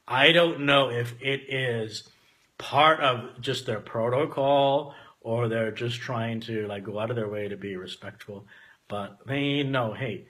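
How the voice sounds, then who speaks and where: A man in his forties telling a candid personal story, emphatic and profane, swinging between loud outbursts and quiet asides. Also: medium pitch, takes it slowly. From Canada.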